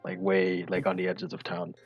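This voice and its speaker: A man's voice: low-pitched, monotone, normal speed, highs cut off, soft background music. A man narrating as game master in a tabletop game, hesitant, with many fillers.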